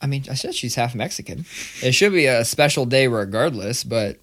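A man co-hosting a podcast in a loose, chatty way. He swears freely and tells his stories in animated, ranting bursts, speaking into a studio microphone. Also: medium pitch, fairly quick. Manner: profane, animated ranting storyteller. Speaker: podcast co-host. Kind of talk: casual chat.

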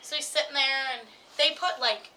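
A woman co-hosting a podcast, telling a story in casual chat, animated and laughing often as she acts out what others said. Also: high-pitched, moderate pace, recorded from a distance, slight background noise, low-quality recording. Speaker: podcast co-host.

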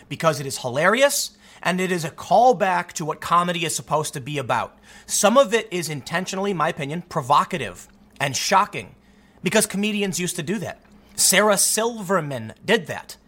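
A man giving opinionated solo commentary in an emphatic, animated way, often repeating words as he gets going. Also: a little high. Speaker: political commentator.

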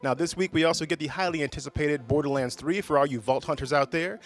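A man hosting a gaming podcast, with relaxed, joking banter among friends. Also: a little high, fast. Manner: joking, laid-back banter. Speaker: podcast host. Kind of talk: casual gaming podcast chat.

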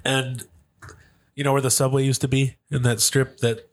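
A man's voice: mid-range voice, flat delivery, moderate pace. A man co-hosting a casual podcast chat, playful and jokey, who stretches his words out. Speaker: podcast co-host.

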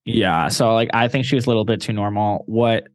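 A man's voice: on the low side, brisk, no room sound, studio quality. A man co-hosting a podcast, chatting and rambling, with lots of filler words. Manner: chatty, rambling, heavy use of "like". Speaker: podcast co-host. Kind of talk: casual chat.

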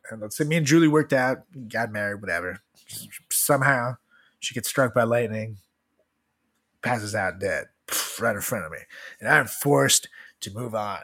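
A man's voice: lowish voice, animated, normal speed, fairly bright tone. A young man co-hosting a podcast, chatting casually with crude jokes and many fillers. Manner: crude, joking, lots of fillers. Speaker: podcast co-host.

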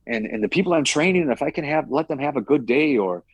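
A man's voice: a little high, lively intonation, fast talker, breathy edge, dry recording. A man who trains fighters, chatting casually on a podcast, rambling and swearing now and then with lots of "like" and "you know".

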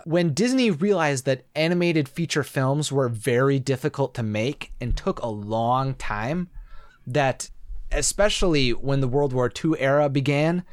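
Male podcast co-host, mid pitch, loose explainer, dry mic. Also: no room sound. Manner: rambling, explanatory with many fillers. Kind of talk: casual chat.

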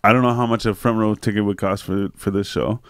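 Casual podcast co-host, man, smooth clear voice, dry close sound, rambling and profane. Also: fairly low pitch, fairly even intonation, fast, no room sound. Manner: rambling, profane, acts out quotes. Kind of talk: casual chat.

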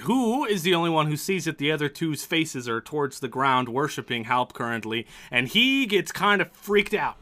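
Bright-voiced man running a game. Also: fairly high pitch, sing-song, normal speed, few pauses. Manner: loose, laughing, profane. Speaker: game master. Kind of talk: narrating a tabletop game.

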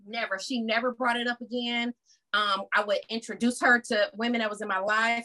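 Bright, animated woman telling a story. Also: a little high, fairly quick. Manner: animated, acts out family members' voices. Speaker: podcast guest. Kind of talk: casual storytelling.

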